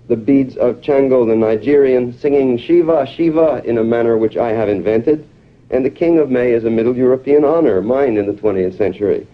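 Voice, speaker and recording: A man reading his own poem aloud in a declamatory, chant-like cadence. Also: lowish voice. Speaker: poet. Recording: dull lo-fi old recording.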